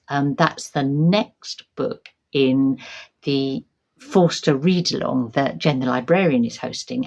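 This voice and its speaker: A middle-aged woman vlogging casually about her reading plans, chatty and hesitant, with frequent ums and restarts. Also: low voice. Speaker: book vlogger. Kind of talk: casual book chat to camera.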